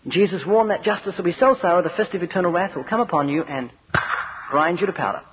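A man with a high-pitched voice preaches with earnest emphasis, shifting into voices for his stories. The recording is dull and lo-fi, with a faint hiss underneath. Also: fast talker. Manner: earnest, emphatic, acts out anecdotes. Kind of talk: evangelistic sermon.

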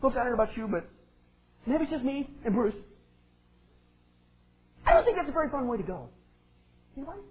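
A male preacher delivering an impassioned sermon, swinging between shouted lines and quiet asides. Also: very high voice, sing-song, fairly quick, long pauses, slightly rough. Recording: dull lo-fi sound.

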